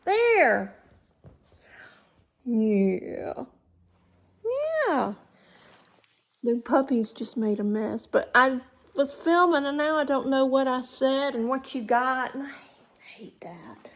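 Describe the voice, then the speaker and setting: This middle-aged woman's voice sits high and moves at a slow pace as she rambles casually through a home vlog from her living room. A chatty vlogger, she often trails off and begins again.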